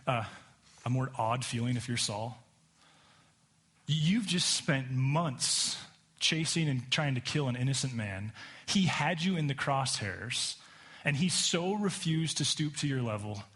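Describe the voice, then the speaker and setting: A man's voice: medium pitch, normal speed, fairly bright tone. A male pastor preaching a sermon, telling a story and acting out the voices of its people.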